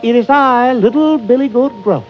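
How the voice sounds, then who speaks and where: A man voicing a small, pleading billy goat in a high voice, over a dull lo-fi recording with faint music. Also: normal speed.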